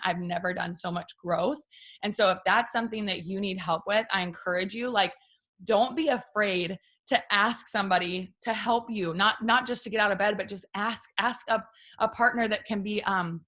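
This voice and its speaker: A woman's voice: medium pitch, fairly bright tone. A young woman talking casually and emotionally to her live viewers, full of fillers. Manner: chatty and emotional, many "like" fillers. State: near tears at times. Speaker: livestream host.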